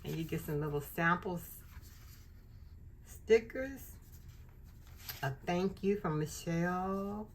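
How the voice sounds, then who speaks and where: A woman's voice: fairly low pitch, slow, long pauses, a little hiss or hum. A woman hosting a casual unboxing vlog, gushing over craft and faith supplies. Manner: gushing, effusive. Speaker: channel host.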